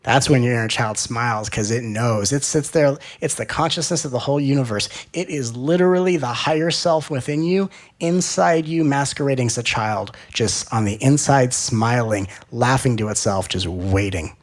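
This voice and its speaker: A man giving a spiritual talk in an animated, playful way, often acting out little dialogues. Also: mid-range voice, normal speed. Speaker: spiritual teacher.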